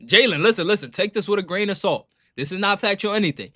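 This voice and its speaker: A young man talks fast and loose to his stream chat, his voice pitched a touch high and strikingly bright, in a dry, close sound. He circles back on his points and keeps asking if you follow him. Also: dry recording. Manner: animated, repetitive, keeps saying "you know what I'm saying". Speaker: streamer reacting to sports clips. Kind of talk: casual live-stream commentary.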